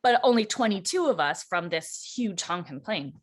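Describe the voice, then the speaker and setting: Female co-host, casual chat, animated storyteller who slips into quoted voices. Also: mid-range voice, moderate pace. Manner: animated, acts out quoted voices, laughs often. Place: church.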